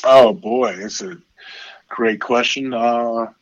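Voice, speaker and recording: A man in his forties chatting casually as an interview guest, rambling with many fillers and getting animated when he quotes his kids. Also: mid-range voice, takes it slowly, dry recording, muffled recording. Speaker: podcast guest, former football player.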